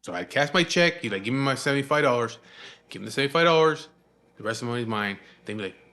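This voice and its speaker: A man's voice: medium pitch, lively intonation, fast, bright, forceful tone. A man in his forties from Southern California, telling a story casually with a lot of swearing and fillers. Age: 40s. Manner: laid-back and profane, with frequent fillers.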